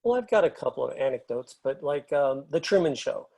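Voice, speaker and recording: A middle-aged man speaks at an ordinary pitch for a man. He tells his stories in a relaxed, rambling way, with plenty of fillers. He sounds like a film and TV editor being interviewed. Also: brisk, vocal fry. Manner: relaxed storyteller, many fillers. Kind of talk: casual interview anecdotes.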